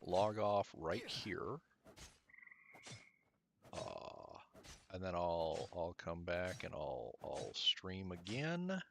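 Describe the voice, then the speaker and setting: Gravelly low-voiced man streaming a game. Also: very animated, drawn-out words, pauses often, a little hiss or hum. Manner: rambling, chatty, thinks aloud; mutters at the game. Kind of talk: casual game stream chat.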